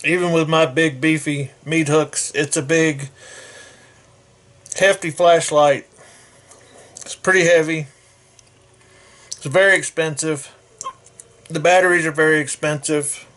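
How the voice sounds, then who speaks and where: Man in a casual gear review, slow and rambling with a slightly high voice. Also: fairly even intonation, a bit bright. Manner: rambling, self-correcting, folksy.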